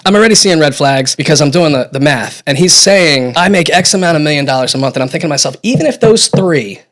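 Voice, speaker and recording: A man telling a story in a casual, animated, sarcastic way. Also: fairly high pitch, fast talker, few pauses.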